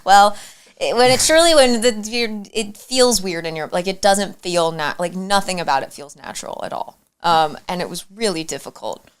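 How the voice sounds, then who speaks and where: Young woman guest chatting, lowish voice, smooth and clear, keeps restarting sentences. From Arizona, USA. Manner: halting, many fillers and restarts. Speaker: guest actor. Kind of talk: casual interview chat.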